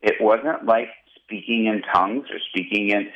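Very deep-voiced pastor on phone-like audio. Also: male voice, moderate pace. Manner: animated storyteller, acting out quotes. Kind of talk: telling a personal testimony in an interview.

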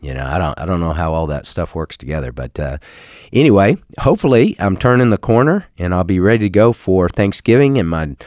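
An older man hosting a call-in radio program as pastor, talking about family and teaching scripture in a folksy, halting way. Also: low-pitched, sing-song, a little mellow, no echo, studio quality. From Texas. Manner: folksy, halting with many uh fillers.

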